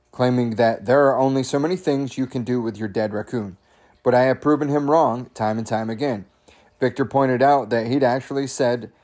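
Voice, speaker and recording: A man's voice: mid-range voice, darkish tone. Chuckling man casually reading a funny memoir. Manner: chuckles often, chatty asides to listeners. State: coughing at times. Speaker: audiobook reader.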